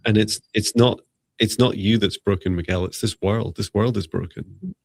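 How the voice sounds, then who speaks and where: Low gravelly man guiding a healing. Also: dry recording. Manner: soft, slow, meditative guiding with pauses. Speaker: psychic healer. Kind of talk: guided energy healing in a live session.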